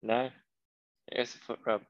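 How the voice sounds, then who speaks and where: A man chatting casually with short, calm replies, laughing easily. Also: medium pitch, a little slow, lo-fi sound. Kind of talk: casual chat.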